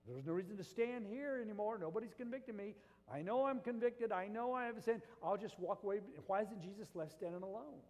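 A man preaching a sermon as pastor, swinging between loud emphasis and hushed asides. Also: sits high, big-room sound.

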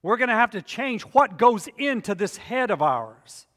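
Man, pastor, sermon, emphatic repetition, higher voice, long hall echo. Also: very animated, measured pace, fairly bright tone. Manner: emphatic preaching with repetitions, storytelling asides.

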